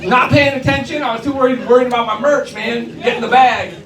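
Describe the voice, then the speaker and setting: A man's voice: very high voice, brisk. A man doing a stand-up comedy set in a club, telling brash, swearing stories with quoted voices. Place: comedy club stage before a live audience. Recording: roomy club recording from a distance, crowd laughter.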